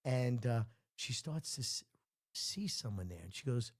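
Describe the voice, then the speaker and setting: Gravelly man telling animated stories. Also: mid-range voice, brisk. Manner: animated storyteller who acts out the people in his stories. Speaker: guest comedian and puppeteer. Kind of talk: casual storytelling chat.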